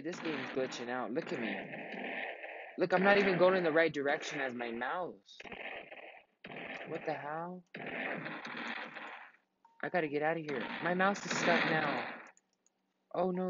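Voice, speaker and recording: A man's voice: fairly high pitch, measured pace, pauses often, highs cut off, heavy background noise. A tired young man in his twenties giving rambling, casual commentary while playing a computer game, swearing often and breaking into sudden outbursts. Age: 20s. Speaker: gaming vlogger.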